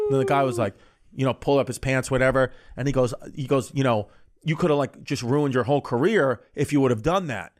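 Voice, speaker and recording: A man spins a long, crude anecdote in loose, casual podcast chat. He strings it together with 'he goes' and 'I was like', restarting sentences as he goes, and swears bluntly. His voice sits at an ordinary middle pitch. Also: brisk. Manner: rambling storyteller, quoting people with 'he goes'.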